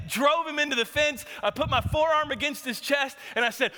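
A man preaching a sermon, telling a story with animated, emphatic delivery. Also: very high-pitched, quick pace, few pauses. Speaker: pastor. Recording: long hall reverb.

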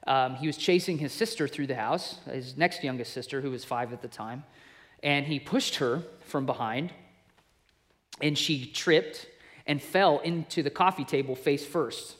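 A man in his thirties preaching to men, telling a family story in an earnest, conversational way that builds into forceful preaching. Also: mid-range voice, measured pace. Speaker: pastor. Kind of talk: sermon to men, personal storytelling.

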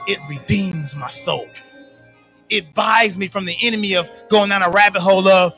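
A man preaching a sermon to his church, swinging from soft, slow lines to shouted, sing-song peaks. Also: high voice, soft background music. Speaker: pastor.

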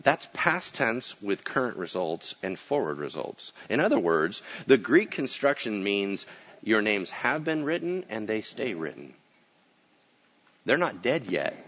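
Animated pastor, lively and bright. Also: male voice, measured pace, breathy edge, dull audio. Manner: casual, animated storytelling with acted-out quotes; swings from booming to hushed. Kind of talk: sermon.

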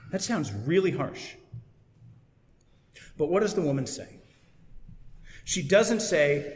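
A man's voice: fairly high pitch, very animated, slow, long pauses. A man preaching a sermon in a conversational, explanatory way. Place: church. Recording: echoey church with long reverb.

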